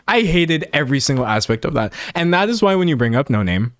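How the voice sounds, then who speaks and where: A young man in casual reaction commentary, talking in quick emphatic bursts as he reacts to clips. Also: on the high side, dry recording, studio quality. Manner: animated, talks fast in bursts, emphatic.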